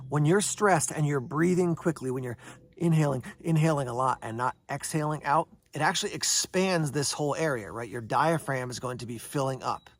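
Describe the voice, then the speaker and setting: Here a survival channel host with a fairly high voice walks through things step by step at a moderate pace, chatting casually to camera. Along the way he responds to questions he imagines from viewers.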